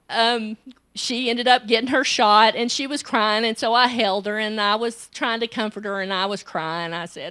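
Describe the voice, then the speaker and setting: A woman who directs a women's ministry and speaks at conferences preaches at a women's conference, telling personal stories and acting them out, using a high pitch to voice a child and herself. Her tone is bright and forceful, at a moderate pace.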